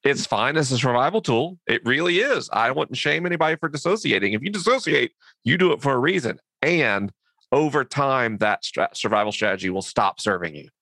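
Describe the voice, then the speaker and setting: A man's voice: medium pitch, expressive, a little fast, sharp tone, no echo. A man as a podcast guest, explaining thoughtfully, with asides. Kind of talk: reflective conversation.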